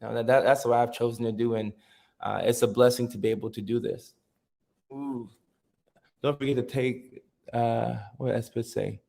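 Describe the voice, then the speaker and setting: A man's voice: mid-range voice, steady tone, normal speed, vocal fry, a little mellow. A man in his thirties hosting a casual live stream, chatting loosely with viewers and reading their comments aloud with frequent restarts. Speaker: livestream host.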